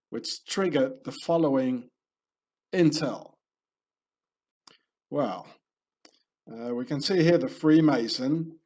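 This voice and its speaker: Slow, rambling male conspiracy narrator. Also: medium pitch, a little mellow, slightly rough. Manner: rambling, ranting, heavy with fillers. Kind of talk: conspiracy video voice-over.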